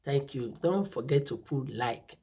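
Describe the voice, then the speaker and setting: A woman talks through a reaction video in a very breathy, airy voice. She gushes, repeats her exclamations and gropes for words as she goes. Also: extremely low pitch, lively intonation, measured pace, warm tone. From Nigeria. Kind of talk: casual reaction commentary.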